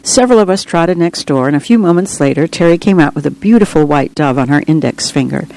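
A woman's voice: deep voice, expressive, fast, dark tone, low-quality recording. Woman earnestly reading her own memoir. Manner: earnest, reflective first-person storytelling. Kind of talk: audiobook reading.

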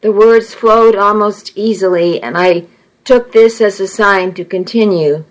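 Woman reading an audiobook in first person, slow and earnest, mid pitch. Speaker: audiobook narrator. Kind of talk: first-person scripted narration.

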